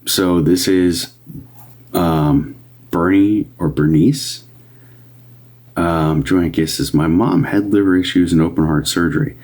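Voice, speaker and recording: A man's voice: low-pitched, steady tone, takes it slowly, long pauses. A man doing live medium readings, chatting casually with viewers, sometimes whispering and greeting them upbeat. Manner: drops to a soft whisper at times. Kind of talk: casual livestream chat.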